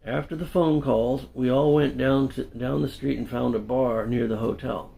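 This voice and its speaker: A middle-aged man reading his own memoir aloud in an unhurried, conversational way with small self-corrections. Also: mid-range voice, steady tone, gravelly, dark tone. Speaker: storyteller and English teacher.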